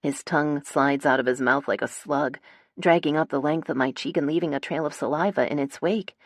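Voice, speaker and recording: A woman's voice: low-pitched, brisk, no echo. A woman narrating a first-person romance audiobook in a wry, dramatic storytelling manner, on a close studio mic.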